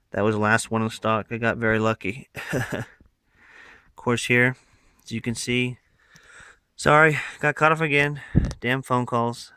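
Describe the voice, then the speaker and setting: A man's voice: mid-range voice, pushed and bright, smooth, no echo, studio quality. A man casually showing off his rifle add-ons, rambling with lots of fillers, filmed on a phone. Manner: rambling, many fillers and asides. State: out of breath. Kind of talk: casual show-and-tell. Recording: phone recording.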